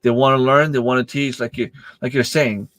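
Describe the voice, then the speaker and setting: A man's voice: flat delivery, a little fast, fairly bright tone, dry recording. A man who coaches youth soccer, chatting casually on a livestream, telling stories with lots of fillers and acting out the exchanges. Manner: storytelling, acting out quoted exchanges with rising pitch; hesitant, many fillers and restarts.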